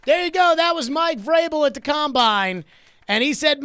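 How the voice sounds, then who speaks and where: A man's voice: very high voice, lively intonation, moderate pace, sharp tone, no room sound. A man hosting a sports talk radio show, arguing his point emphatically and repeating key phrases for stress, on a studio microphone.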